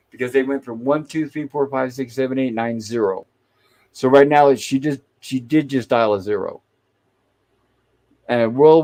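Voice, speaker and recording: A man's voice: mid-range voice, darkish tone. A man hosting a casual chat, explaining and walking through scenes step by step. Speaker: host. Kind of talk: casual chat reviewing an old sitcom.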